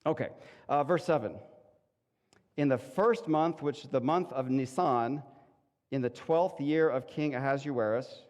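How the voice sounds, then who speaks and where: A male pastor preaching in a casual, animated way, acting out quick voices of the people in the story. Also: medium pitch. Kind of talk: conversational sermon. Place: church sanctuary. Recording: long hall reverb.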